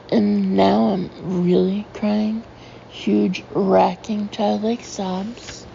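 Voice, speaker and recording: A woman reads a first-person novel aloud at an unhurried pace, her low, mellow voice edged with gravel. She leans into the heroine's feelings as she reads. The recording sounds a little dull, with a faint hiss underneath. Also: fairly even intonation. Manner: emotive, voicing the heroine's feelings. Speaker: audiobook narrator. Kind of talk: first-person audiobook narration.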